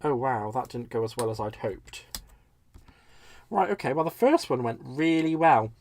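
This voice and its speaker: A man's voice: medium pitch, sing-song, moderate pace, darkish tone, a little hiss or hum. A man from Britain hosting a live crafting stream, chatting casually and laughing at his own mistakes as he works. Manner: chatty, self-deprecating, laughs often. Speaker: crafting livestream host.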